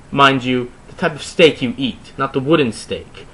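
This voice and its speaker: A man reading fan fiction aloud in a mock-dramatic style, with theatrical delivery and sudden loud outbursts. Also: mid-range voice, a little slow, few pauses, slightly rough. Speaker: reader.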